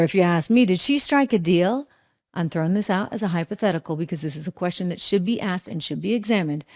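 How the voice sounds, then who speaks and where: A woman's voice: mid-range voice, a little mellow. Sarcastic New England woman hosting. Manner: sarcastic, conversational, asks rhetorical questions. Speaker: talk show host. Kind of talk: opinionated political commentary.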